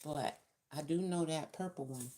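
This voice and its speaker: A woman's voice: low voice, moderate pace, dark tone. A woman giving a casual tarot reading, chatty and laughing often, acting out the people she quotes. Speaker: tarot reader.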